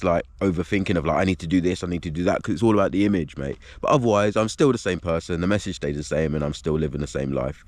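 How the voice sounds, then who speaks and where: Low-voiced, profane man rambling. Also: a little mellow, no room sound. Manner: rambling and profane, full of "like" and "you know what I mean". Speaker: video blogger. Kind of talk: casual vlog monologue.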